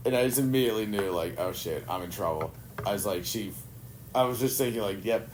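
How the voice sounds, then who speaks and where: A man's voice: on the low side, brisk, slight background noise. A man hosting a podcast, laid-back and laughing often while swearing casually. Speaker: podcast host. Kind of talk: casual chat.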